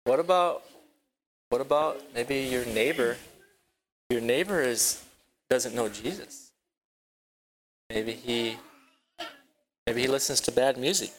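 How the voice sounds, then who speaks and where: Halting man telling kids a Bible story. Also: mid-range voice, poor audio. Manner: halting, repeats words, asks the kids questions. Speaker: children's teacher. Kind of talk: children's Bible lesson. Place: rural property with a barn.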